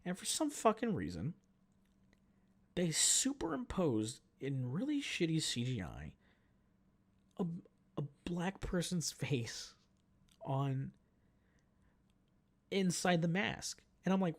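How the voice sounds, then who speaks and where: Casting: man in his twenties, solo podcast host, lively swearing storyteller with a voice that rises and falls widely. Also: on the high side, takes it slowly, pauses often. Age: 20s. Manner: animated, profane, jumps between mumbling and shouting. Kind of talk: casual storytelling rant.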